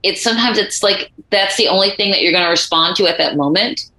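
A woman author being interviewed, telling animated stories and acting out the voices of people she quotes. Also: mid-range voice, fast talker, roomy sound, poor audio. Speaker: author and guest. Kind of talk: conversational interview.

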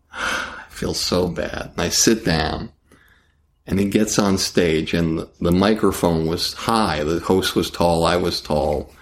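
A male comedian spinning a story in conversation, with a low voice and an unhurried delivery. He acts out scenes and restarts his sentences as he goes.

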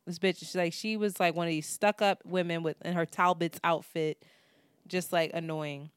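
A woman's voice: fairly low pitch, steady tone, moderate pace, smooth, dry recording. A woman, co-hosting a podcast and telling a story in casual, profane talk, acting out what people said. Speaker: podcast co-host.

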